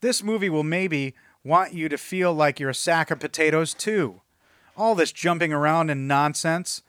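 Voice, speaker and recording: A man's voice: a little high, moderate pace, fairly bright tone, smooth, no echo. A man co-hosting a podcast, reading out reviews in a mocking tone and cracking up along the way. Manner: mocking, breaks into laughter mid-read. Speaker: podcast co-host. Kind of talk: reading out reviews in a casual chat.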